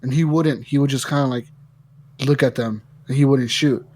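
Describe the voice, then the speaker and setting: A man hosting a casual gaming podcast, telling stories in an animated way and swearing a lot. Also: medium pitch, normal speed. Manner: animated storytelling, heavy swearing. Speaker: podcast host.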